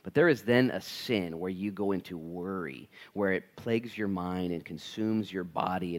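A man in his thirties preaching a conversational, jokey sermon to his congregation. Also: lowish voice. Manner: animated, acts out voices in quotes. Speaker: pastor.

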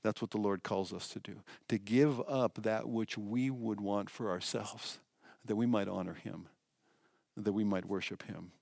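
A male pastor preaching a sermon in an emphatic way, swinging between loud passages and hushed ones. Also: on the low side, fairly even intonation, a little slow, gravelly, dry recording, studio quality.

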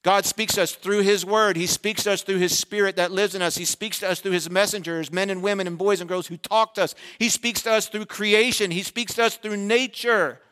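A man's voice: high-pitched, fairly even intonation, a little fast, few pauses, a bit bright, clear, resonant tone. A male pastor delivering a sermon who asks the congregation questions and briefly acts out their replies.

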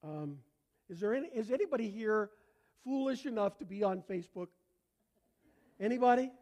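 Older man, Canadian accent, high voice, preaching, chatty and joking with the congregation. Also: lively intonation, moderate pace, a little mellow. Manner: conversational, joking, asks congregation to respond. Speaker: pastor. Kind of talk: sermon. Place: church before a congregation.

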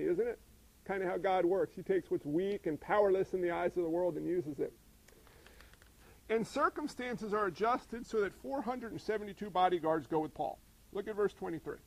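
A man preaching a sermon, animated and asking his listeners questions. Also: high-pitched, creaky, rough recording. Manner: animated, asks the congregation questions. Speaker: pastor.

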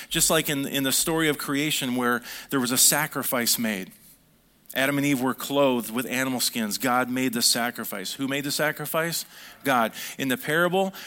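A man preaching a sermon, reading scripture aloud and acting out the quoted lines with lively swings in his delivery. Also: medium pitch. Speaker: pastor.

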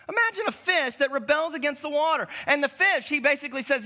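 A male preacher giving a sermon in a loose, conversational style, full of restarts and sudden drops to a hushed tone. His voice is very high for a man. It sounds bright and sharp. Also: lively intonation, fast, few pauses.

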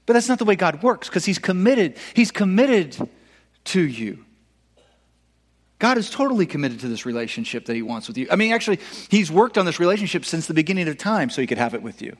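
A man preaching a sermon earnestly, building to emphatic peaks and easing into soft, low endings. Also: lively intonation, fairly quick. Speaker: pastor. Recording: long hall reverb.

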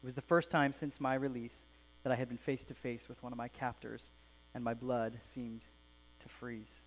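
Male pastor, mid-pitched, earnest sermon delivery with soft phrase endings, faint mains hum. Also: little pitch movement, moderate pace, low-quality recording. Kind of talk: sermon with a read-aloud story. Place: church.

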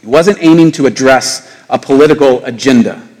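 Male pastor preaching a sermon; animated, climbs high on rhetorical questions; reverberant church hall. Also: fairly quick.

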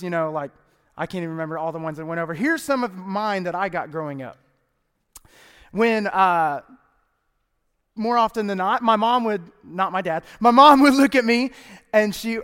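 High, playful youth pastor in echoey church. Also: male voice, a bit bright, clear, resonant tone. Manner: chatty, playful, laughs often. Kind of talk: casual humorous sermon. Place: church sanctuary.

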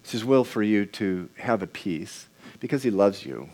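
A man's voice: on the low side, lively intonation, normal speed, a little mellow. A man preaching a sermon in a conversational way, asking the congregation questions and often repeating and restarting words.

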